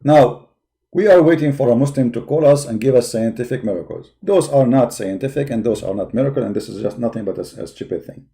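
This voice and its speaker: Speaking fast in a medium-pitched, creaky, dark voice, a man hosts a live call-in debate stream and searches a website as he goes. His voice is tired, and he mocks and insults opponents with emphatic repetition.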